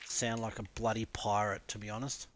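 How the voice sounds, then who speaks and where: A man's voice: lowish voice, level tone, moderate pace, a bit bright, slight background noise. An Australian man chatting casually on a live stream, rambling, laughing often and swearing freely.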